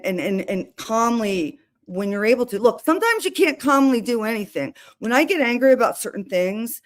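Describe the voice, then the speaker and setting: A woman hosting a casual livestream, talking in a chatty, rambling way with restarts and asides. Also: medium pitch. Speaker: livestream host.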